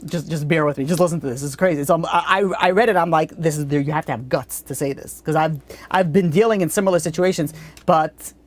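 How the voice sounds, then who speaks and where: A woman's voice: deep voice, fast talker. A woman giving a religious lesson in a blunt, conversational way, with frequent restarts. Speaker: Torah teacher.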